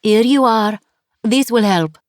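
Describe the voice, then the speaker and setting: A woman's voice: on the high side, slow pace, dry recording, studio quality, pitched above the performer's own voice. Woman putting on a bustling French landlady. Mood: kindly fussing. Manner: warm, fussing, motherly. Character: kindly cheerful French guest house landlady.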